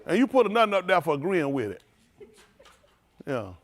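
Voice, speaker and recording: A man's voice: sits high, sing-song, a little fast. A man preaching, joking loosely and teasing his congregation, laughing often. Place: synagogue hall, livestream.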